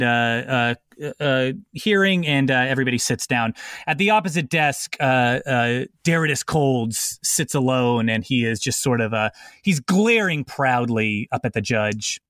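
A man's voice: mid-range voice, moderate pace, fairly bright tone, no echo, clean studio sound. A man narrating a comedy tabletop game as game master, rambling with many fillers and restarts.

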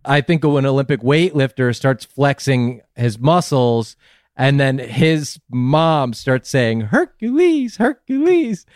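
A man running a comedy interview with a straight face, posing long, rambling questions. His voice is smooth and resonant, recorded dry and close. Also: medium pitch, fairly even intonation, slow pace, darkish tone, no room sound. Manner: mock-serious, rambling questions. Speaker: host.

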